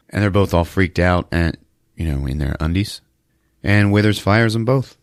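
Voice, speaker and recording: Low-voiced man, lively recap. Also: a little slow, no room sound, clean studio sound. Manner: animated, acts out the lines with put-on voices and lots of laughing. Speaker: podcast host. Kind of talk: casual movie recap.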